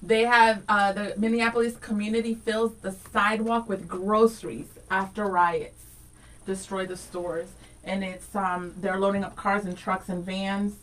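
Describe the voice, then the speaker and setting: A woman's voice: medium pitch, flat delivery, measured pace, far from the mic, rough recording. A woman co-hosting a morning radio show, chatting in a bubbly, enthusiastic way with lots of fillers. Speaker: radio co-host. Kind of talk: casual radio chat.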